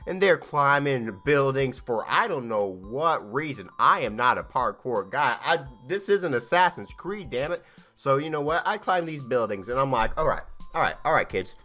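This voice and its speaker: A man in his thirties, a gaming channel host, telling a comic, rambling story of a game playthrough and slipping into quick character voices. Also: medium pitch, sing-song, bright, forceful tone. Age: 30s.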